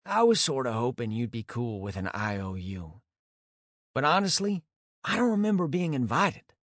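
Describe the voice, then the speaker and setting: A man's voice: mid-range voice, very animated, normal speed, a bit bright, no room sound, clean studio sound. A man voicing a casual, teasing teenage boy in an audiobook, with a playful, easygoing delivery.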